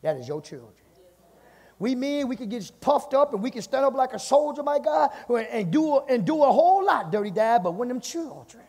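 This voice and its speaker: High raspy preaching man, shouting. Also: sing-song, normal speed, long reverb tail. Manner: preaching with constant "my God" refrains, swinging between shouts and hushed lines. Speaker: pastor. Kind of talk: fiery church sermon. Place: church sanctuary.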